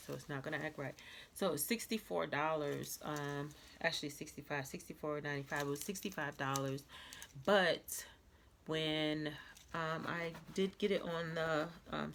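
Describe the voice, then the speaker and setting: A woman vlogger with a stuffy nose, chatting casually through a clothing haul, repeating herself and filling pauses with "um". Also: deep voice, creaky, sharp tone, slight background noise. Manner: chatty, repetitive, many fillers. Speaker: fashion vlogger.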